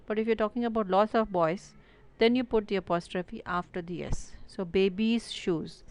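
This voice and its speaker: A woman's voice: mid-range voice, brisk, clear, resonant tone. A woman with an Indian English accent teaching an online grammar lesson, explaining step by step with many fillers like "so" and "uh".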